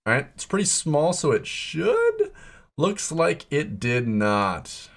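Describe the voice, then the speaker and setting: A young man giving excited, exclamatory commentary while walking through a video game's new features. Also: a little high, takes it slowly, gravelly. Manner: excitable, exclamatory, lots of "oh my gosh". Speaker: game content creator.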